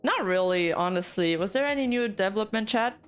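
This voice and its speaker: A woman's voice: mid-range voice, expressive, brisk, smooth, faint music behind. A young woman who is losing her voice, hosting a live stream in casual chat, bubbly and laughing often. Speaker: streamer host.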